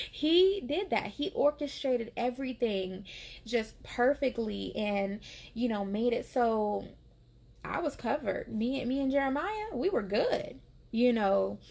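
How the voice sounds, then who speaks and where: A woman's voice: fairly high pitch, gravelly, darkish tone. A young adult woman, a nurse, talking casually and from the heart about faith and her work, with frequent fillers and laughs. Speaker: nurse and vlogger. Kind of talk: casual faith-sharing chat.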